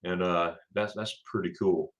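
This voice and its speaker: A man's voice: deep voice, fairly even intonation, a little slow. A middle-aged man from Florida hosting a casual morning livestream, rambling, repeating his words and greeting viewers by name. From Florida, USA. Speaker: livestream host.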